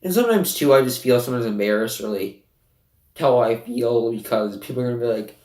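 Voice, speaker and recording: A teenage boy vlogging from his bedroom, talking haltingly with many fillers and restarts, sniffly and emotional. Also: mid-range voice, lively intonation, a little mellow. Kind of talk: personal confessional vlog. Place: bedroom at home. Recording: roomy, from some distance.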